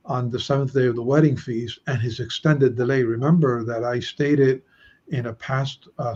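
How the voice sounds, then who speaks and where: A man teaching a Bible study lesson, slowly explaining Hebrew grammar and stressing key words. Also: medium pitch, darkish tone, slightly rough, dull audio.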